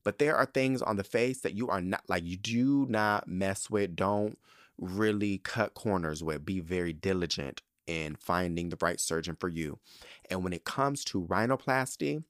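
A young man with a lowish voice hosts a casual podcast monologue. He tells his story in a sassy, animated way and leans on emphatic repetition. The sound is dry and close, with no room around it. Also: moderate pace, dry recording. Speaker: podcast host.

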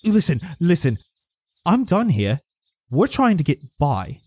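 A man's voice: on the high side, sing-song, unhurried, a little mellow, breathy edge, dry recording, pitched above the performer's own voice, heavily acted. A man voicing an impatient farmer who is baffled and blunt with strangers blocking his road. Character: gruff farmer man pushing a wheelbarrow, impatient.

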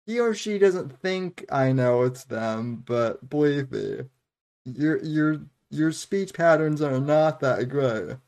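A man hosting a livestream, talking in halting, stammering bursts and giggling. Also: on the high side, expressive, darkish tone. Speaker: podcast host. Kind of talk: casual banter on a livestream.

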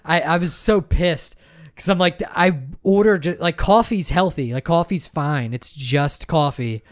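A young man, co-hosting a podcast and telling a story in a casual, animated way, swearing and mocking himself. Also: a little high, a little slow, no echo, studio quality. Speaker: podcast co-host. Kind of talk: casual chat.

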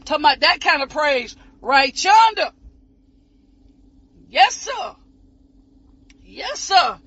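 A woman preaching an ecstatic sermon, shouting and whooping, her voice breaking as if crying. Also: sits high, big pitch swings, takes it slowly. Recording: muffled lo-fi recording.

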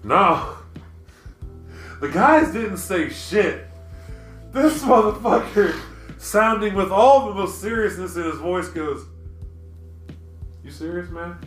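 Deadpan tall-tale-telling man, higher voice. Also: slow pace, pauses often, echoey room, soft background music. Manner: deadpan tall-tale storyteller, swears freely. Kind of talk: casual podcast chat.

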